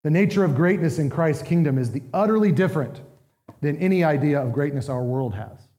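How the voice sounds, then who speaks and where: A man's voice: fairly high pitch, expressive, fairly quick, warm tone, long reverb tail. A man preaching a sermon as pastor, earnest and emphatic, asking his listeners questions.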